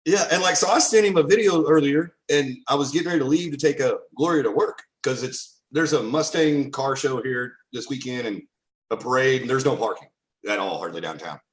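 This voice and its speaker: A man's voice: mid-range voice, a little fast, roomy sound, poor audio. A man co-hosting a casual chat show, playful and teasing as he jokes with his partner. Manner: playful and teasing, jokes about feeling left out. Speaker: co-host.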